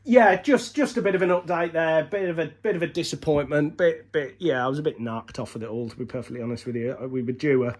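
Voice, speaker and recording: A man's voice: a little high, fast, hardly any pauses. Breathless man vlogging in workshop. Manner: rambling, many fillers and restarts. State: short of breath. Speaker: motorbike racer vlogging. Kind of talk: casual vlog update.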